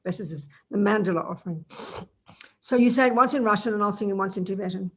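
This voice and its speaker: A woman teaching Buddhism in a relaxed, chatty way, often asking her listeners rhetorical questions. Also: medium pitch, fast, husky. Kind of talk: informal dharma teaching.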